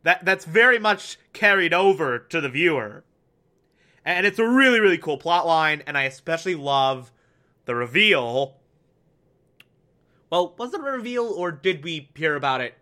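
Male reviewer, high bright voice, unhurried, animated and profane episode recap. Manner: animated, swears, many fillers, acts out quotes. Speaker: TV show reviewer. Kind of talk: casual recap commentary.

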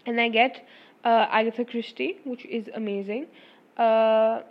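A young woman, a student, telling a story in a fast, rambling way, full of fillers and self-corrections, and swearing casually. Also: a little high, fairly even intonation. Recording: dull lo-fi recording.

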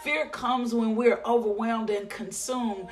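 A woman preaching a devotional sermon in a rhythmic, repetitive style with drawn-out phrases. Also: a little high, fairly even intonation, soft background music.

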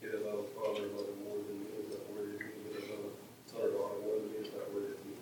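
A man reads scripture aloud from across the room, quick and level with little rise or fall. His voice sits low and arrives distant and very echoey, with clear room noise behind it. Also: monotone. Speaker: class member reading scripture.

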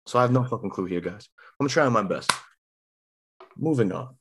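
A man's voice: lowish voice, expressive, moderate pace, noisy background. A man hosting a casual podcast, easygoing and joking, with plenty of slang. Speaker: podcast host. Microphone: camera mic.

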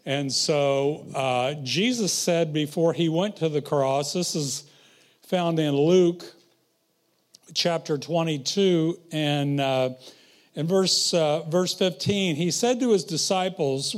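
A man preaches a sermon in a notably high voice, taking his time. He quotes scripture and keeps asking the congregation questions. The pace stays slow and deliberate throughout. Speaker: pastor.

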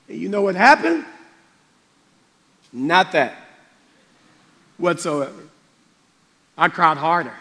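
A male pastor preaching a sermon with passion, swinging between loud outbursts and quiet, subdued stretches. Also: extremely high pitch, very animated, measured pace, creaky, long pauses. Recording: long reverb of a large hall.

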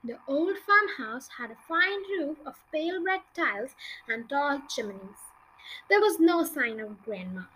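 A woman reading a children's book aloud for her podcast in an expressive, lively way. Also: high-pitched, unhurried, rough recording. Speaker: podcast reader.

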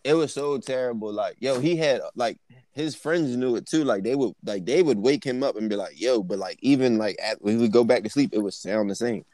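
A young man rambles through a story on a casual podcast, dropping "yo" and "like" into every line. His pitch sits right in the middle, and the sound is dry and close with no room around it. He swears freely and talks in loose, piled-up bursts. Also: fairly quick, mellow, no room sound. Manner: rambling, profane, fillers of "like" and "yo". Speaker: podcast co-host.

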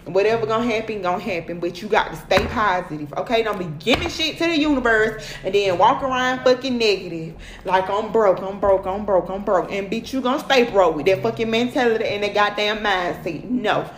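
A woman's voice: mid-range voice, a little fast, hardly any pauses, roomy sound, a little hiss or hum. A woman speaking in as the host of a livestream, giving profane motivational talk and repeating "period" and "okay".

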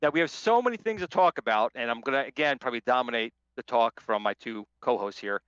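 A man's voice: mid-range voice, expressive, fast talker, fairly bright tone, clean tone, dry recording, dull audio. A man co-hosting a podcast in a playful, jokey way while introducing a guest. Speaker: co-host. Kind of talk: casual podcast chat.

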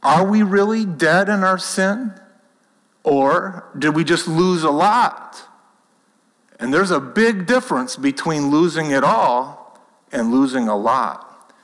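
Slow and expressive, a man with a rather high, slightly bright voice delivers an earnest, conversational sermon to a congregation, frequently starting sentences over. He is a pastor, and his words ring with long hall reverb.

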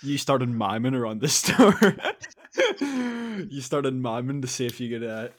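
A young man, co-hosting a podcast in giggly, lively banter. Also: mid-range voice, unhurried. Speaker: podcast co-host. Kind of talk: casual podcast chat.

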